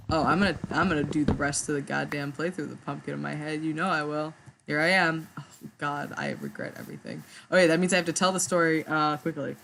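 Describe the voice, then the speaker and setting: A woman's voice: deep voice, lively intonation, normal speed, gravelly, fairly bright tone, slight background noise. A young woman rambling through a story while playing a game, stammering, restarting and swearing. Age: young adult. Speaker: gaming vlogger. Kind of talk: rambling let's-play storytelling.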